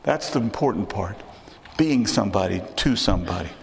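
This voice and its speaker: A man's voice: lowish voice, lively intonation, brisk, creaky, big-room sound, slight background noise. A man with a Texan accent preaching a sermon in a conversational way, often repeating and restarting phrases. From Texas.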